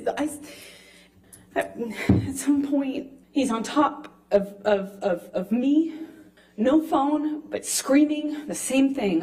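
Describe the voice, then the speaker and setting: Halting woman testifying in court, mellow voice. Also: fairly high pitch. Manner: halting, hesitant with restarts. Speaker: witness.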